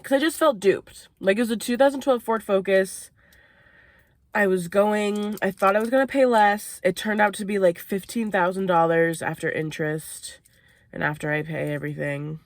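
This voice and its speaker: A woman's voice: mid-range voice, moderate pace, no echo. A young woman from Maine telling a story casually while eating in a car, swearing and laughing between bites. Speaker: vlogger. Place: inside a parked car.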